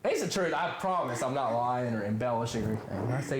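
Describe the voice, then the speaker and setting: A man in his thirties telling a story in casual chat, acting out quotes with big jumps in pitch and laughing often. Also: lively intonation, fast talker, few pauses. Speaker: podcast guest. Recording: echoey room with crowd noise.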